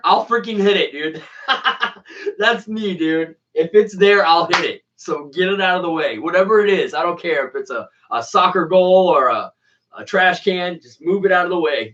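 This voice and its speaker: A man with a high-pitched, sharp voice hosts a laid-back RC plane channel, chatting casually with viewers in easygoing slang and answering their comments. The lo-fi recording sounds distant and dull.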